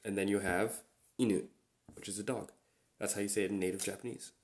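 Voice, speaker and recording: A man hosting a relaxed solo chat, slowly repeating Japanese words as he teaches them. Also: lowish voice, a little hiss or hum. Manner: relaxed, slow and repetitive when pronouncing words. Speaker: podcast host.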